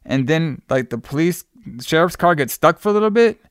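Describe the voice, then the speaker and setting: Guy rambling through a movie recap, smooth clear voice, dry sound. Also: fairly high pitch, expressive, fairly quick, no room sound. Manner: loose and rambling, with many fillers and playful asides. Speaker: podcast host recapping a film. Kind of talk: casual movie recap chat.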